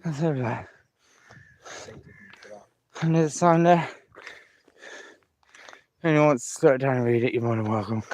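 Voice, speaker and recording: A man's voice: medium pitch, normal speed, long pauses, darkish tone. Man, casual walking vlogger outdoors, winded from the hill, repeats his praise, faint background hiss. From England. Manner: chatty, repeats himself, enthusiastic about scenery. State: out of breath walking uphill. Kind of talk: casual live walking vlog. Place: outdoors on a seaside hill path.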